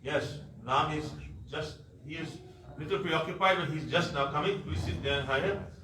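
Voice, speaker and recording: A man doing a hurried, pleading young prince. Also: fairly high pitch, pitched above the performer's own voice, natural voice. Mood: placating. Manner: polite, hurried, placating. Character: humble young male prince, anxious and pleading. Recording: echoey room, mic far off, faint noise.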